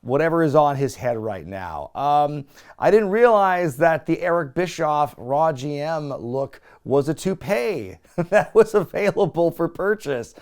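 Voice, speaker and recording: Animated man recapping wrestling. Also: fairly high pitch, unhurried, clean tone. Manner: animated, laughs often, sarcastic asides. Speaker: wrestling review host. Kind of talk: casual recap commentary.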